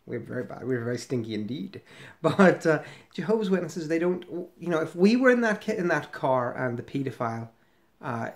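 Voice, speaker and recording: A man's voice: on the high side, sing-song, normal speed. A middle-aged man giving casual, sarcastic commentary as he scrolls through a website, rambling with fillers and restarts. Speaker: ex-member commentator.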